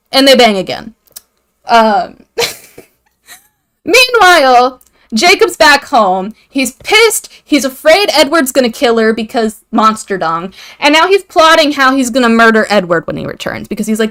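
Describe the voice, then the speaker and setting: A woman's voice: high voice, sing-song, a little slow, a bit bright. A young woman hosting a video, giving an irreverent, profane comedic recap of a story and acting out the characters' lines. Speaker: video host.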